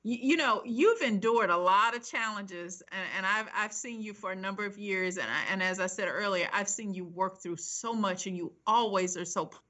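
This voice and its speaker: Bright, encouraging woman host. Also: mid-range voice, normal speed, hardly any pauses. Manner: affirming, encouraging. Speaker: interview host. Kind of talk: interview conversation.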